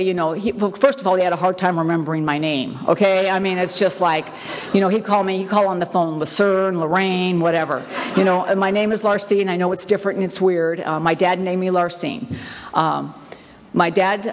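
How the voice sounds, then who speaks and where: A middle-aged woman telling her story at a recovery meeting in a frank, rambling way, full of fillers and the odd swear word. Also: fairly low pitch. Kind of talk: candid personal storytelling. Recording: long hall reverb.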